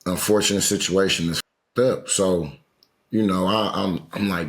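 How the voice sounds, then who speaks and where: A man's voice: deep voice, moderate pace, roomy sound. A man hosting a podcast in casual chat, loose and full of slang. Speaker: podcast host.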